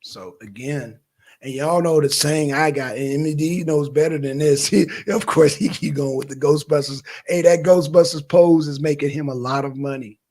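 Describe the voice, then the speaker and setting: A man doing loud, animated political commentary on a live stream, with theatrical gasps and mock panic. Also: a little high, moderate pace. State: dizzy, out of breath after holding breath. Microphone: camera mic.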